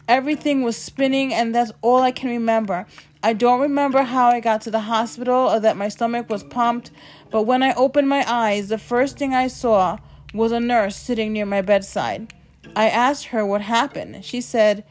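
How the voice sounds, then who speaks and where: A woman tells her own life story over a soft music bed. Her voice sits fairly high, and she delivers it with raw emotion, drawn-out pauses and a storyteller's build.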